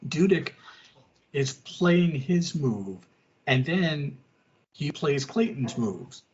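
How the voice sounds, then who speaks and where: A man co-hosting a casual podcast, retelling scenes in an animated way and dipping into quick voices for the people he describes. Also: a little high, highs cut off. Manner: animated storyteller, quick asides in character voices. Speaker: podcast co-host. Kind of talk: casual chat.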